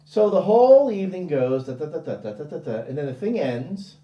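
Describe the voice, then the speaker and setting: A man spins a casual story as a guest, slipping into different voices whenever he quotes someone. His tone is mellow and warm, and he rambles through restarts and fillers. He sounds roomy, picked up from a distant mic. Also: fairly high pitch, fairly quick, muffled recording. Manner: animated, acts out dialogue in quoted voices. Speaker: interview guest.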